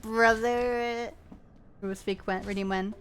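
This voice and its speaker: A woman's voice: on the high side, fairly even intonation, takes it slowly, soft background music. A woman streaming a game, chatting playfully and casually with her viewers.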